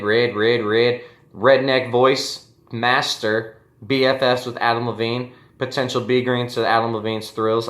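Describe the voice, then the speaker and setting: Brash, profane male host of a casual fantasy league recap, mid-pitched, recorded in a roomy space. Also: pushed and bright. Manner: brash, joking, profane, addresses league mates directly. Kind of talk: casual solo commentary.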